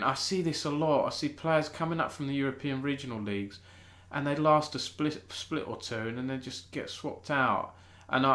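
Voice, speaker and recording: A man's voice: mid-range voice, fairly bright tone, roomy sound. Chatty British man hosting esports news. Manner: chatty, self-interrupting, thinks aloud. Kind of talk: casual live-stream news chat.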